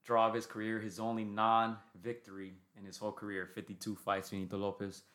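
A low-voiced man co-hosts a casual boxing podcast. He recounts a fight step by step, often checking in with "right?" and filling pauses with "um". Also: completely flat delivery, fairly bright tone. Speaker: podcast co-host.

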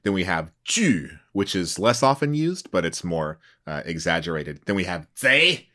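A man hosting a conversational language lesson, animated and playful, often laughing and feigning alarm. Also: low-pitched, normal speed. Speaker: host.

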